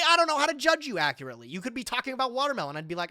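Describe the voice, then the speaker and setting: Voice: medium pitch, very fast, no echo, clean studio sound. A streamer in their twenties chatting casually and animatedly on a live stream, with lots of slang, reading text aloud and reacting to it. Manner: animated, slangy, says "bro" often; reads web text aloud with comments.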